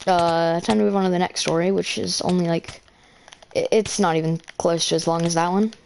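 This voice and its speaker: A teenage girl with a slightly low voice rambles through a school story between moves in a game. She stumbles over words and restarts constantly, filling gaps with "uh" and "like". It sounds like a casual, unscripted storytime. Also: fairly even intonation, brisk, creaky, a little mellow, a little hiss or hum. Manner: rambling, filler-heavy, self-correcting. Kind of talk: casual storytelling while gaming.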